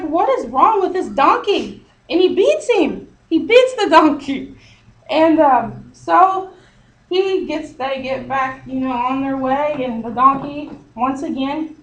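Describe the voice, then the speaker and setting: A woman's voice: high-pitched, low-quality recording. A woman teaching a Bible story to a group in a chatty, casual way, full of fillers and "he's like".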